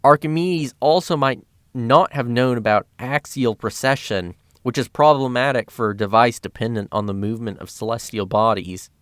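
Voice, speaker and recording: A man's voice: medium pitch, moderate pace, dry recording. A man narrating a scripted video essay as a film critic, with dry, sarcastic commentary.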